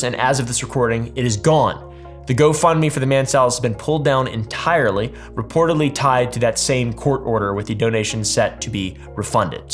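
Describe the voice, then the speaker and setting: A man hosting a commentary video, telling a story casually with sarcastic asides and swearing. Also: fairly high pitch. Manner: sarcastic asides, swears, restarts mid-sentence. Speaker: commentary channel host.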